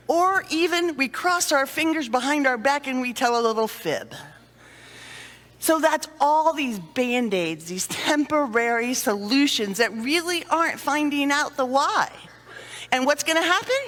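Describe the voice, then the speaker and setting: A high-pitched, bright-voiced woman gives an animated talk to a conference audience and acts out small scenes as she goes. Her voice rings with the long reverb of a large hall. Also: a little slow. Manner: animated storyteller, acts out sighs and little scenes. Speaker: conference speaker on dementia care. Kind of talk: lively presentation to an audience.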